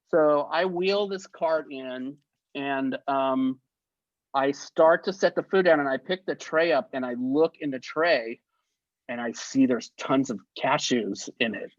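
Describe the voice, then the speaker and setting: A man in his fifties, a guest on an interview, telling stories in a lively way and acting out the people in them. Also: medium pitch, measured pace, no echo, highs cut off. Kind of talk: anecdotal storytelling.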